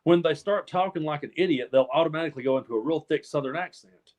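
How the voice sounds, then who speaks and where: A man's voice: fairly high pitch, fast, a little mellow. A man from the American South co-hosting a casual political chat show, talking in an earnest, rambling way and often repeating words as he restarts. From Appalachian South, US. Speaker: co-host.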